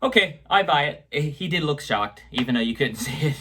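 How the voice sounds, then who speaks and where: Bright-voiced man rambling about a show. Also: fairly high pitch, animated, moderate pace, slight background noise. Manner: rambling, with many fillers and restarts; retells scenes and echoes quotes. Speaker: show reviewer. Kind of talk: casual review chat.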